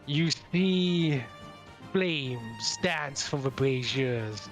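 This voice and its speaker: A man's voice: medium pitch, animated, drawn-out words. A man narrating as the game master of an online tabletop role-playing game, with faint music behind.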